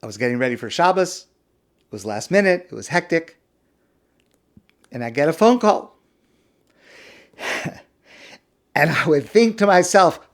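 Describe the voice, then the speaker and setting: A man's voice: fairly high pitch, expressive, moderate pace, long pauses. A man teaching as a rabbi in a class on the weekly Torah portion, telling stories with self-deprecating humor and asking pointed questions. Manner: asks pointed rhetorical questions.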